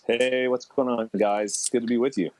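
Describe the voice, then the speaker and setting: Animated middle-aged man, lively guest. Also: no room sound, low-quality recording. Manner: animated, quick, jumps up in pitch when excited. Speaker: podcast guest. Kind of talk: casual interview chat.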